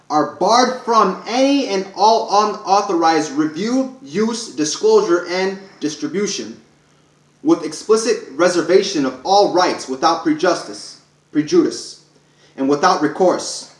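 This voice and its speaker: A man's voice: high-pitched, roomy sound, poor audio. Emphatic man reading a proclamation. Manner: emphatic, listing clauses one by one with stumbles. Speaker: self-declared speaker reading a public proclamation. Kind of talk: read-aloud declaration to camera.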